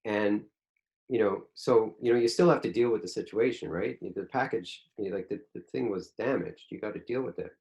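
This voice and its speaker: A lower-pitched man teaching a spiritual course, talking loosely with lots of "you know" and restarts. He slips into little acted-out quotes of what people say to themselves. The delivery is conversational and unscripted. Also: fairly quick, a little mellow. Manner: rambling, frequent fillers and restarts, acts out quoted voices. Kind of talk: casual spiritual teaching talk. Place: online group class.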